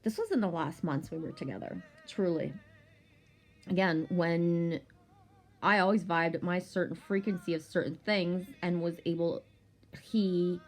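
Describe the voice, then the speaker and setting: A woman telling a rambling personal story in a casual vlog, swearing freely and talking animatedly. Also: on the low side.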